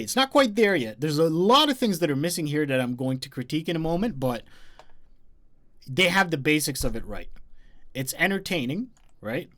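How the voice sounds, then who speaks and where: A man hosting a live marketing session, talking emphatically and repeating his key points with big swings in loudness. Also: medium pitch. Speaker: host.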